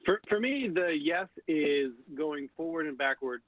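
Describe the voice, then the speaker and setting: A man explains his approach in a thoughtful, unhurried way, often restarting with repeated words. His voice comes through a narrow, phone-like channel. The sound is dry and close. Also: a little high, animated, dry recording. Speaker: panelist on call-in spiritual show. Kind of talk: casual panel discussion.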